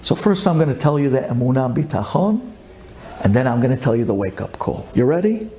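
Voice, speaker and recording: A man's voice: fairly quick, a little hiss or hum. Fervent man preaching a story. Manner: fervent, pleading, swings from low calm to high emotional cries; repeats phrases for emphasis. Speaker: rabbi telling an inspirational story. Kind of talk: impassioned storytelling sermon.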